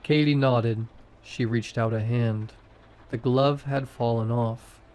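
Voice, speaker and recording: A man's voice: medium pitch, fairly even intonation, takes it slowly, darkish tone. A man narrating a first-person horror story in short, tense sentences.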